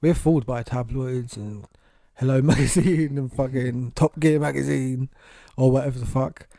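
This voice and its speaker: A man co-hosts a podcast in loose, animated chat, swearing freely and slipping into other people's voices. His tone is mellow and warm. The recording sounds dry and close. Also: medium pitch, normal speed, gravelly, no room sound. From England. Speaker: podcast co-host. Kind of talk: casual chat. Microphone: podcast studio mic.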